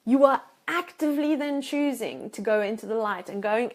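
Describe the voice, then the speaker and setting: A woman's voice: on the high side, normal speed, hardly any pauses. A woman life coach giving a motivational talk to her own camera, emphatic and repeating words for stress. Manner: acts out anxious inner voices. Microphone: self-filmed camera.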